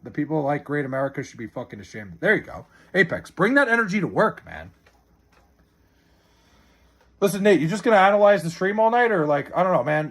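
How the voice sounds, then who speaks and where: A man's voice: a little high, a bit bright. A young man streaming live, chatting casually and bluntly with his chat, swearing a lot as he answers their questions.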